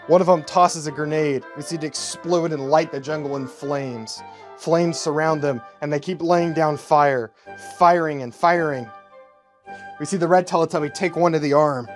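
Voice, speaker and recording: Deadpan man reading a screenplay. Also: on the high side, faint music behind. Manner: slow, deadpan scene narration. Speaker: YouTuber writing a movie script.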